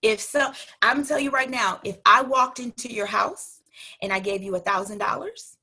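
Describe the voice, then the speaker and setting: A woman's voice: a little high, normal speed, bright, forceful tone, husky. A woman life coach giving an emphatic motivational talk, asking her listeners rhetorical questions and pressing her points like a preacher.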